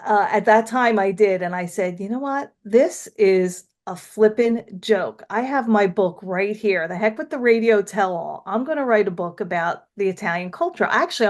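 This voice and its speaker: Guest: middle-aged woman with a Delaware County accent, frank storyteller, mid-pitched voice, video call. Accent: Delaware County, Pennsylvania. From Philadelphia area, USA. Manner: chatty, frank, laughs often, tells stories. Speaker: guest, author and former radio broadcaster. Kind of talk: casual interview chat.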